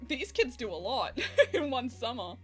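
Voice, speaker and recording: A woman's voice: a little high, big pitch swings, normal speed, soft background music. A young Australian woman streamer chatting casually while playing a game, giggling often.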